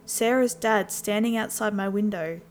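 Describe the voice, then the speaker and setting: A woman narrating a first-person horror story in a steady storytelling voice. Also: medium pitch, normal speed, soft background music. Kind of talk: scripted scary story narration.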